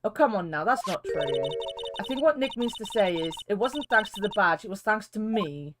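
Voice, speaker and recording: Bubbly teasing young medium girl, read by a woman, lively pitch, game music behind. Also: moderate pace, close to an everyday voice. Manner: playful, teasing.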